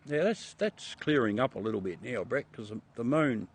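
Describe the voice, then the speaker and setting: Aussie bloke mid-age, joking around live w viewers, laughs a lot, swears a bit. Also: male voice, mid-range voice, lively intonation, moderate pace, slightly rough. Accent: Australian. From Australia. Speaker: livestream host showing the moon through a telescope. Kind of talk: casual live chat with viewers.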